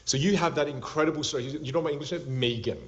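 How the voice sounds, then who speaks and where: A man teaching an interactive online class as a public speaking coach. He talks in an animated way, laughs a lot and acts out little scenes as he explains. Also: a little high, very fast. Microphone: video call. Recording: dull lo-fi video call audio.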